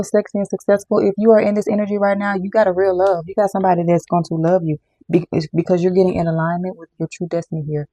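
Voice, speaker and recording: A tarot reader talks straight to viewers in a casual card reading, repeating lines for emphasis and calling everyone y'all. The voice has a gravelly, rough edge. Its tone is warm and dark rather than bright. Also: mid-range voice.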